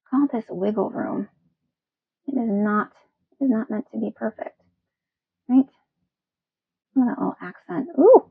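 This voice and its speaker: A woman's voice: fairly high pitch, no room sound, narrow, tinny audio. A woman teaching a step-by-step painting lesson in a chatty, playful, self-encouraging way. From Wisconsin. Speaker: painting instructor.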